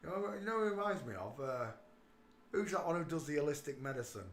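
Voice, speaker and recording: A man with a sharp, bright voice hosts a casual livestream, mumbling one moment and shouting the next. His voice rings around an echoey room, with a faint hiss of background noise underneath. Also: a little high, lively intonation, fast talker. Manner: emphatic, swings from mutters to loud outbursts. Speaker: livestream host.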